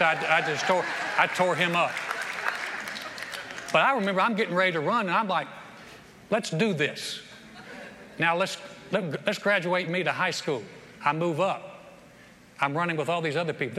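Bright-voiced preacher in an echoing church. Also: male voice, a little high, fairly quick, some chatter behind. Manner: animated storytelling with repeated restarts. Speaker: pastor. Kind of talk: sermon. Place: church sanctuary. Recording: long church hall reverb, faint noise.

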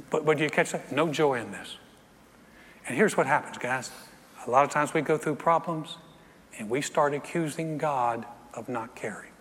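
At a moderate pace with frequent pauses, a middle-aged pastor preaches in a voice on the high side, with a little hiss or hum on the recording. He animatedly acts out scenes and jokes with the congregation in a reverberant church sanctuary with faint ambience.

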